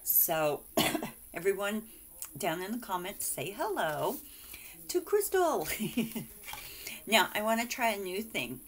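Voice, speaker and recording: A woman's voice: mid-range voice, expressive, takes it slowly, long pauses, fairly bright tone, slight background noise. A woman vlogger chatting casually and gushing over cards and mail sent by friends, exclaiming and giggling often.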